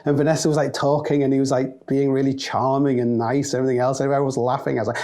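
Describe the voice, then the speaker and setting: A man with a Northern English accent telling a comic story as a monologue, animated and swearing, slipping into the voices of the people he describes. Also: mid-range voice, quick pace, few pauses.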